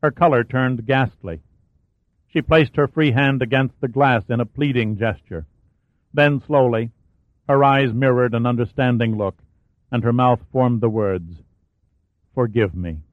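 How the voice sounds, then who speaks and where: A man reads a thriller aloud in a steady, dramatic narrating voice of middle pitch. The sound is dry and close, squeezed into a narrow, phone-like band. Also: measured pace, no room sound. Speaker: audiobook narrator.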